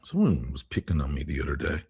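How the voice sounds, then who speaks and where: A man hosting a casual live stream, talking in a very low, gravelly voice and reading out viewer comments as he chats. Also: wildly swooping pitch, fast, a little mellow. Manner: chatty, reads viewer comments aloud.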